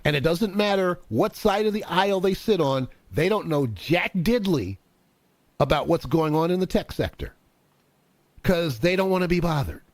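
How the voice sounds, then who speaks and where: A man's voice: on the high side, lively intonation, normal speed, no echo. A man, a former show host, chatting casually and telling jokes, laughing often and acting out the voices in his stories. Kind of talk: casual comedic chat and storytelling.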